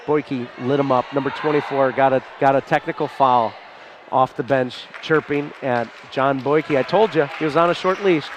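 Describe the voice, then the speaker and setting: Male local play-by-play caller, forties, congested, fond and folksy, a bit high, over a buzzing gym crowd. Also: creaky. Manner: fond, folksy, often near tears. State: stuffed-up nose. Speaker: play-by-play announcer. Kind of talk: live high school basketball commentary. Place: school gymnasium, in the stands. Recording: gym crowd noise behind the voice.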